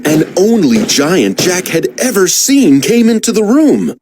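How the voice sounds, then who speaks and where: A woman narrates a children's storybook with dramatic emphasis. Her slow delivery rises and falls a lot, and her voice is breathy. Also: low voice, sing-song, darkish tone.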